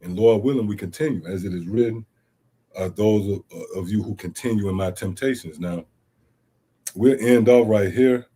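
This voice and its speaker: This middle-aged scripture teacher has a lowish, warm voice with a breathy edge and speaks at a moderate pace. Streaming online, he reads verses and explains them forcefully, tossing in rhetorical questions and casual "see?" and "man." asides in a street-inflected manner.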